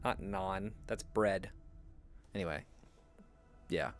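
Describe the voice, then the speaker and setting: A man's voice: deep voice, slow, soft background music. A young man chatting casually as a streamer while he plays a game, rambling and swearing freely. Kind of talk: casual gameplay commentary.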